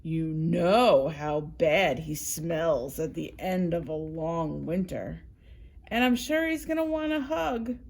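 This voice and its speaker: A woman's voice: low-pitched, takes it slowly, vocal fry, a little mellow, voice pushed down, full character voice. A woman voicing a cranky rabbit in a storybook reading, grumbling and sulky. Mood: grumpy. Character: grumpy sleepy rabbit, complaining.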